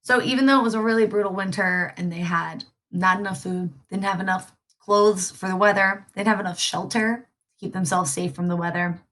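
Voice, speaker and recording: A woman's voice: mid-range voice, fairly even intonation, a little fast, a bit bright. A woman teacher from the Mid-reviewing a history lesson, chatty and often checking in with "right?". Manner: chatty, frequent tag questions.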